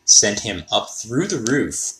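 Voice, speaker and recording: A man's voice: lowish voice, sing-song, slow, pushed and bright. A man hosting a podcast, rambling and thinking aloud in a casual monologue. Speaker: podcast host.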